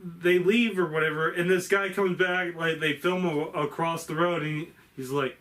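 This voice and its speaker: A man with a fairly high voice recaps a movie for a spoiler review, rambling and swearing freely. He acts out the characters' lines as he goes, in an offhand chatty way. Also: fairly even intonation, normal speed, fairly bright tone. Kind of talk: casual spoiler review chat.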